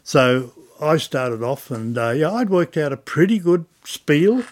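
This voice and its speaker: A man's voice: on the high side, sing-song, a little slow. Chatty older Australian man. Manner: chatty storyteller, acts out dialogue. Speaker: interviewee. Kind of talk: oral history interview.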